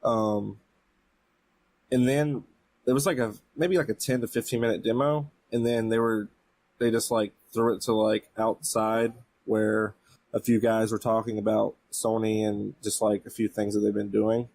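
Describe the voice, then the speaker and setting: A man co-hosting a casual podcast, recapping events in a relaxed way with frequent fillers. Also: lowish voice, moderate pace, vocal fry, no echo. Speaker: podcast co-host. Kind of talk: casual chat.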